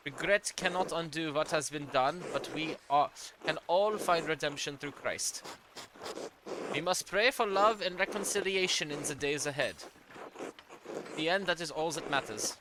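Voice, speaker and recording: A man's voice: a little high, noisy background, natural voice. Man putting on solemn German-accented churchman. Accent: German, put on. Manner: solemn, formal reading. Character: stern devout male churchman writing a letter.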